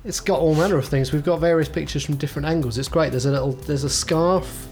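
Eager male podcast co-host with a higher voice. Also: quick pace, darkish tone, soft background music. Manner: enthusiastic, gushing. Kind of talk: casual chat.

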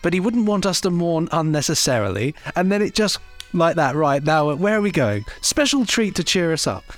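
A chatty man with a fairly high voice, co-hosting a relaxed podcast. He hesitates with plenty of fillers and laughs easily, and faint music plays underneath. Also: normal speed. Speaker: podcast co-host. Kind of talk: casual chat.

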